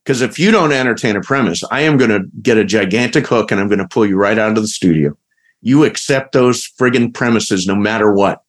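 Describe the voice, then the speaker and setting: A man's voice: lowish voice, brisk. A man hosting a podcast, playful and joking in a casual, rambling chat. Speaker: podcast host.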